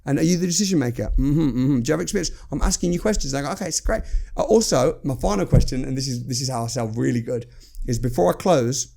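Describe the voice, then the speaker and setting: A man's voice: medium pitch, lively intonation, fast talker, vocal fry, mellow. A man, a guest on a podcast, talking bluntly and animatedly about sales and acting out calls. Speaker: entrepreneur guest. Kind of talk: casual podcast conversation.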